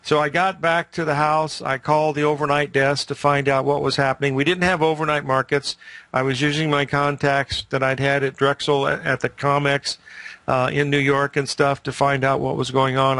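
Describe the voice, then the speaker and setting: A man's voice: on the high side, vocal fry, fairly bright tone, dry recording. An older man hosting a market show, telling rambling, emphatic stories in casual commentary.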